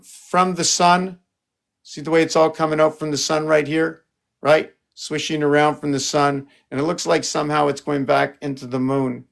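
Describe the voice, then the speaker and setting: A man showing his paintings on a live stream, talking in a rambling, playful way and jumping from excited exclamations to muttering. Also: a little high, gravelly. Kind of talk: casual live-stream chat.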